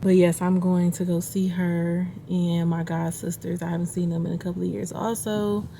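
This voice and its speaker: A woman's voice: fairly low pitch, flat delivery, normal speed, gravelly. A young adult woman vlogging in a car, talking openly and emotionally with many fillers. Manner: emotional, candid, rambling with fillers. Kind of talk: casual vlog talk. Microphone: handheld camera. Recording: loud road noise inside a car.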